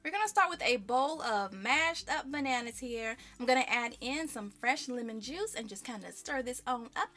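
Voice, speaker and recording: A woman's voice: fairly high pitch, expressive, normal speed, hardly any pauses, sharp tone, soft background music. A woman hosting a home cooking show, chatting casually to viewers as she bakes, with friendly asides about what she likes and dislikes. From American South. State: out of breath.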